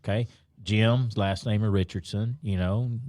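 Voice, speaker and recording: A man's voice: fairly low pitch, steady tone, unhurried, darkish tone, no echo. Middle-aged man, retired police guest, easygoing storyteller, dry sound. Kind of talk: casual storytelling.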